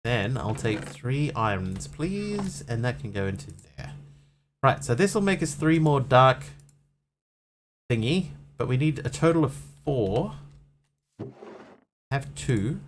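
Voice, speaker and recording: A man's voice: mid-range voice, sing-song, slow, pauses often, slight background noise. A man streaming a game, talking through what he is doing in a rambling, thinking-aloud way with plenty of fillers. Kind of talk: casual gameplay commentary.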